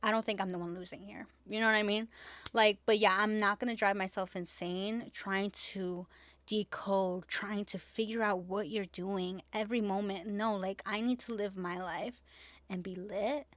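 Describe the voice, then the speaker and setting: A woman's voice: medium pitch, steady tone, moderate pace, a bit bright, dry recording. A woman hosting a podcast in casual chat, talking emphatically with lots of "like", repeating herself and swearing freely. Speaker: podcast host.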